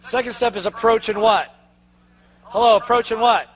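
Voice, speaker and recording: A man in a live sales seminar, a trainer who keeps throwing quick questions at his audience and making them answer back. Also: extremely high pitch. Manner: energetic, call-and-response questions to the crowd; drops to a mocking tone for the inner doubting voice.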